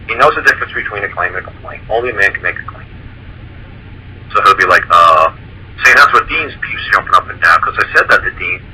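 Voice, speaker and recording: Man, bright, tense, animated explainer, acts out dialogue, faint background hiss. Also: fairly low pitch, poor audio. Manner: animated, acts out quoted exchanges, repeats himself. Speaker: guest speaker on common law. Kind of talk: casual explanatory talk.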